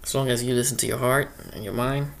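A man hosting a one-man comic monologue about the workplace, chatting casually and acting out coworkers in quick quoted bits. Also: medium pitch, fairly even intonation, gravelly, a little hiss or hum. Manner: chatty, acts out quoted coworkers, laughs at own stories. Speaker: one-man show host. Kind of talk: rambling comic monologue about work life.

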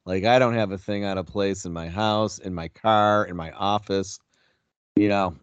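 A man's voice: on the low side, fairly even intonation, moderate pace, smooth, dry recording, dull audio. A man co-hosting a podcast in casual chat, reflective and questioning himself. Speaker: podcast co-host.

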